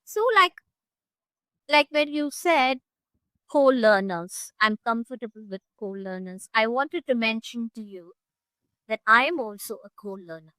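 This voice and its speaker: A woman teaches English one-on-one over a video call, her voice bright and forceful and pitched a little high. She speaks expressively, leaning hard on stressed words and holding deliberate pauses. The sound is dry and close, with no room around it. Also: lively intonation, clean tone, no echo, poor audio. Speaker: English tutor. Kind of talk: one-on-one online English lesson.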